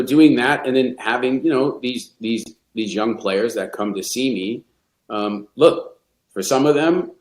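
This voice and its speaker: Reflective middle-aged man in a roomy space. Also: lowish voice. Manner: reflective, candid, frequent restarts. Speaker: golf coach. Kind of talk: podcast interview. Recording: roomy echo.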